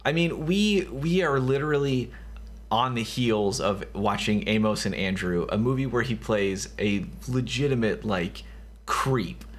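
A man co-hosting a podcast in casual chat, reacting quickly and agreeing with animation. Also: fairly low pitch, fairly bright tone, slightly rough. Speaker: podcast co-host.

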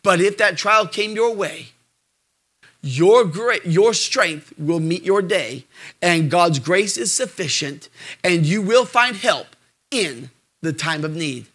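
A middle-aged male pastor preaching a sermon, surging loud and then dropping low, acting out quoted voices along the way. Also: expressive, slow pace. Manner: acts out quoted voices in asides.

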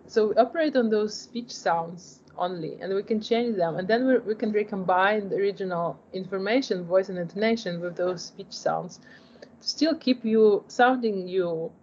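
A woman's voice: mid-range voice, normal speed, a little mellow, a little hiss or hum. Woman, founder type, explains stuff earnestly, lots of "like", kinda muffled audio. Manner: earnest, explanatory, frequent "like" and restarts. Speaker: startup founder. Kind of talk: interview answers. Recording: dull lo-fi audio.

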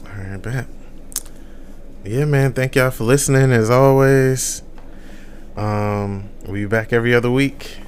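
A man's voice: medium pitch, unhurried, pauses often, clean tone. A man co-hosting a podcast in casual chat, easygoing, with short replies. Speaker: podcast co-host.

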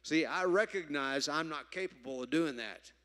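A man preaching a sermon, emphatic, moving from loud stresses to quiet asides. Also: fairly high pitch, normal speed. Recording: reverberant hall.

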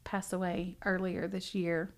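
A middle-aged woman, a bookstore owner, chatting casually as a podcast guest, animated and laughing often as she tells stories. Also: fairly low pitch, unhurried. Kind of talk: casual interview chat.

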